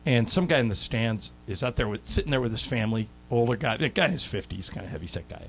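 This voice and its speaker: A man hosting a sports radio show, telling anecdotes in a casual, animated way into a studio microphone. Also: mid-range voice, quick pace, a little hiss or hum. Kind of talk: casual sports talk storytelling.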